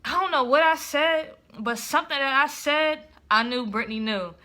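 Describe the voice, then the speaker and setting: Young woman, super bright voice, a bit high, telling a story and acting out what she said back then. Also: moderate pace. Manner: animated retelling, acts out own past lines, heavy swearing. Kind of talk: casual storytelling.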